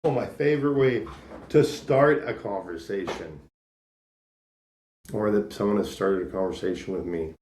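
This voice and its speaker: A man in his thirties from Canada, a sales leader telling stories in a casual interview, animated and acting out quoted voices. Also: fairly low pitch, normal speed, long pauses, reverberant. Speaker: podcast guest, sales leader.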